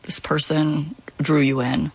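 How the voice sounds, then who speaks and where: A woman hosting a podcast, switching between scripted narration and measured, curious questions to her guest. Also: deep voice, little pitch movement, breathy edge.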